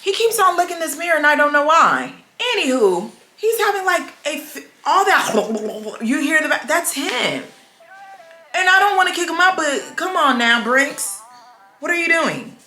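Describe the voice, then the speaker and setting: A young adult woman chatting casually for her vlog, sassy and playful, with animated storytelling and quick asides. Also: high-pitched, roomy sound. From United States. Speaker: vlogger. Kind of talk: casual chat. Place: home room with a dog.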